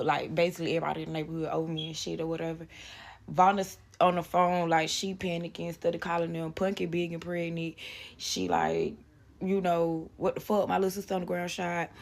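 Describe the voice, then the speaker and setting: A young woman casually telling a personal story, rambling and profane, acting out the quotes in raised voices. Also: lowish voice.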